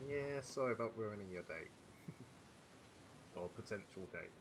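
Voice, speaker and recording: A man's voice: lowish voice, expressive, measured pace, husky, low-quality recording. A man playing his character in a tabletop game, chatty and sarcastic, talking over a voice call. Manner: chatty, sarcastic, laughs often. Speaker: player. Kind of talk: in-character tabletop role-play over voice chat. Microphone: computer mic on a voice call.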